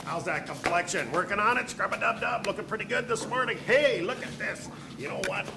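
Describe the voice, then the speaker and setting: A man's voice: sits high, brisk, creaky. A man acting in a workplace training skit, teasing coworkers with mocking sarcasm. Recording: loud background noise.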